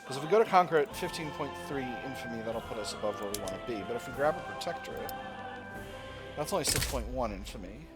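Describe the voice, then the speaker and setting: A man with a mid-range voice and lively intonation talks quickly and casually about his strategy game as he plays, thinking aloud and often correcting himself. He comes across as a let's-play gamer, with game music running underneath.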